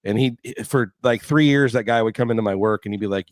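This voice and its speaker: Animated storytelling man, dry close sound. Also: medium pitch, fast talker, hardly any pauses, dry recording. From Florida. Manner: animated storyteller, acts out quoted voices. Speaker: podcast guest. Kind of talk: casual chat.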